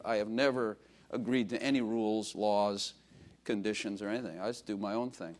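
Rambling self-mocking older man preaching. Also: mid-range voice. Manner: rambling, self-mocking storytelling with frequent fillers. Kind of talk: informal sermon.

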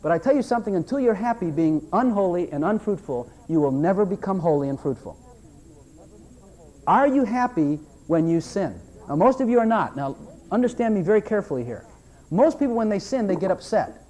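A man preaching a sermon to his church, animated and repetitive, breaking into mocking voices for his listeners. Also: high-pitched, brisk. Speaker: pastor.

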